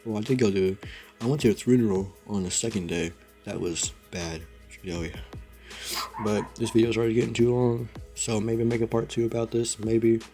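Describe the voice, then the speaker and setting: A man's voice: fairly low pitch, fairly even intonation, normal speed, warm tone, soft background music. Rambling young man telling a story. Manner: rambling, laughing, says dude a lot. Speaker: vlogger. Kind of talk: casual storytelling vlog.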